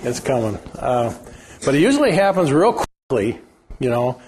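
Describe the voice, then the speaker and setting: Older man preaching, folksy and unhurried. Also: medium pitch, big pitch swings, a little mellow, slight background noise. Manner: folksy, rambling with fillers. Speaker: guest preacher. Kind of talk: sermon. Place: church sanctuary.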